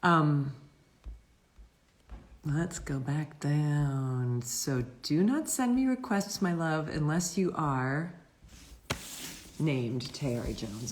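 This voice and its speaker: A woman with a fairly low voice hosts a casual live stream. She is bubbly and affectionate, greeting her viewers warmly and laughing often. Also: a little hiss or hum. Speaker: host of a live-stream author interview.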